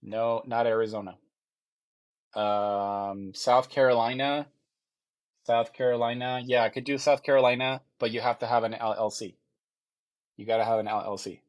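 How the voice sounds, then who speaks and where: A man's voice: mid-range voice, little pitch movement. Man repeating himself as he checks answers. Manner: halting, repeats phrases while checking answers. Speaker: mortgage loan officer. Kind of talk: live Q&A stream, reading viewer questions.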